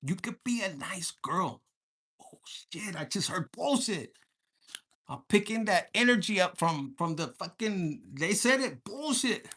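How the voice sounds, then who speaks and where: A man's voice: high voice, expressive, measured pace, fairly bright tone, breathy edge. A man giving a casual tarot reading for viewers, talking in a crude, profane, joking way and mixing in Spanish slang. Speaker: tarot reader.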